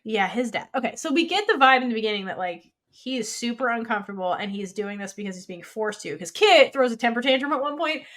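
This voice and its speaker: Animated chatty woman podcaster. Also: fairly high pitch, fast talker, few pauses. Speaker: podcast co-host. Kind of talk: casual chat.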